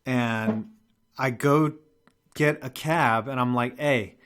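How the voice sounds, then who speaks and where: A man's voice: mid-range voice, takes it slowly, clean tone. A young man hosting a live show, telling a rambling story in casual, profane chat. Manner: animated, profane, rambling with restarts and laughs.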